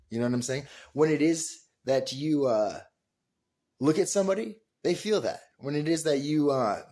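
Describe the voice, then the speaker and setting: A man hosting his own video, telling a rambling story in an emphatic, profane way. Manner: emphatic and profane, with big swings in pitch and loudness. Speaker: vlog host.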